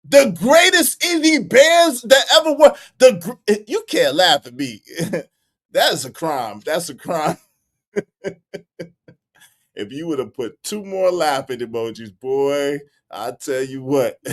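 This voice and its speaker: A man's voice: medium pitch, lively intonation, unhurried. A man hosting a live stream, reading out donations and teasing his chat, laughing often and repeating phrases.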